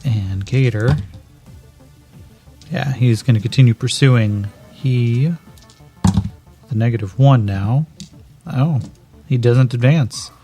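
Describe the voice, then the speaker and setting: A man runs a tabletop game, narrating in a casual, loose way with plenty of fillers. His voice has a gravelly texture at a middle pitch. Soft music plays faintly underneath. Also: takes it slowly, pauses often. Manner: casual, swearing, with many fillers. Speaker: game master.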